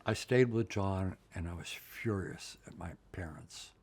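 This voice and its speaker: An older man with a very deep, husky voice tells his own story to an interviewer. He is blunt and emotional, and often checks in with "right?". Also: unhurried, darkish tone. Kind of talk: candid personal storytelling.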